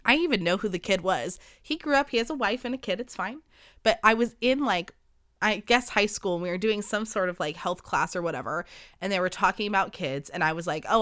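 A woman in her twenties hosts a podcast, telling a dating story in a casual monologue packed with "like" and swearing, and she acts out the dialogue she quotes. Her voice is mid-range with a fairly bright tone. The recording is studio quality with no room sound.

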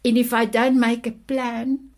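A woman's voice: a little high, flat delivery, a little slow, darkish tone. A woman in her fifties from South Africa with a South African accent and Afrikaans as her first language, telling her personal story as a podcast guest in a heartfelt, affectionate way. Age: 50s. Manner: heartfelt, affectionate, repeats endearments.

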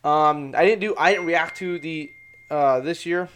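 A young man hosting a casual sports podcast, excitable and loud, swearing freely as he rambles. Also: a little high, unhurried, slight background noise. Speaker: podcast host.

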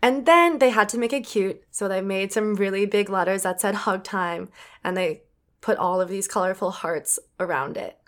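A young adult woman co-hosting a casual chat, telling a story with animated, acted-out quotes. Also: medium pitch, normal speed. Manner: animated, acts out quoted voices. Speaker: podcast co-host.

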